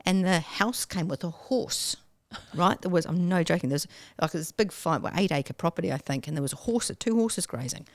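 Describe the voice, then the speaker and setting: Animated woman. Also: lowish voice, normal speed, no echo, clean studio sound. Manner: animated, acts out her own past self with sudden squeals and whispers. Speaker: guest. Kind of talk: storytelling in a casual interview.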